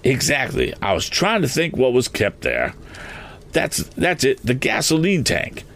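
A flustered, eccentric gentleman, put on by a male reader, who rambles through his words and keeps sputtering fussy little oaths. The voice sits a bit above the reader's own and swings widely in pitch. A storybook character full of nervous excitement. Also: unhurried. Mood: rambling.

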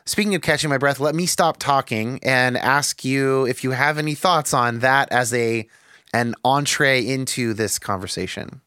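A man's voice: medium pitch, moderate pace, pushed and bright, clean tone, dry recording. A man hosts a podcast and talks through his thoughts openly, cursing now and then and circling back on his sentences. His voice sits in a middle range. The sound is dry and close, with no room around it. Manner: reflective, frank, swears freely, thinks aloud with restarts. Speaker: podcast host. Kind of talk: candid podcast conversation.

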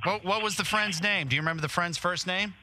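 A man co-hosting a morning radio show, teasing callers in quick back-and-forth banter. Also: high voice, background noise.

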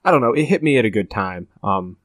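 A man's voice: lowish voice, expressive, fast talker, no room sound. A teenage boy hosting a podcast, chatting casually and thoughtfully about a movie, rambling with many restarts. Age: teens. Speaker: podcast host. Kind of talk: casual movie review chat.

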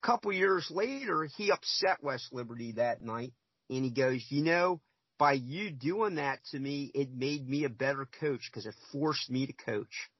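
Emphatic husky man, podcast guest. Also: mid-range voice, lively intonation, normal speed, no echo, highs cut off. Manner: emphatic, repeats himself, acts out quoted exchanges. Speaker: NBA scout and former referee. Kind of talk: podcast interview.

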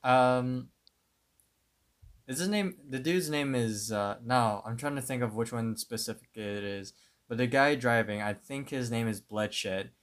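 A man's voice: medium pitch, measured pace, fairly bright tone. A man co-hosting a podcast, recapping a cartoon episode in a hesitant, restarting way. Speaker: podcast co-host.

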